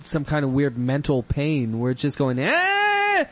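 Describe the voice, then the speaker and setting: A man's voice: mid-range voice, fairly even intonation, normal speed. Rambling man telling comic stories. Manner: rambling storyteller, loud put-on voices. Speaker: podcast guest comedian. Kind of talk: casual comedic chat.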